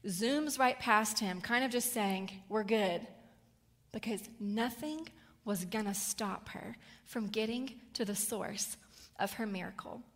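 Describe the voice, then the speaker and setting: A woman preaching a sermon, telling a Bible story with animated delivery and acting out the characters. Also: medium pitch, a little slow. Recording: long hall reverb.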